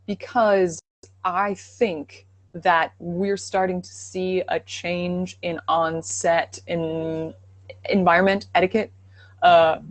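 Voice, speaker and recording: A woman guesting on a live-stream Q&A, telling stories with animated enthusiasm. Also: fairly low pitch, no echo. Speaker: guest, dialect coach.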